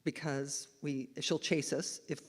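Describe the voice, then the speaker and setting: A woman minister imitating a calm male safari guide who coaxes an elephant in a soft, slow voice. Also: low-pitched, slightly rough, voice pushed down, heavily acted. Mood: soothing. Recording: long hall reverb in a church.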